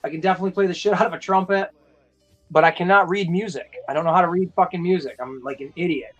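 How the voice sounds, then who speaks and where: High-voiced joking male stream host. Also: highs cut off, faint music behind. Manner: crude, joking, quick asides. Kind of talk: casual livestream chat.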